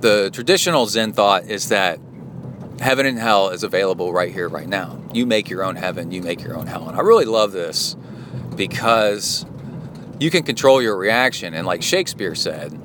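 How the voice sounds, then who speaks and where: Over the road noise of a car, a man hosts a solo podcast, his low voice lively in intonation at a normal speed. His talk is casual, rambling, and reflective.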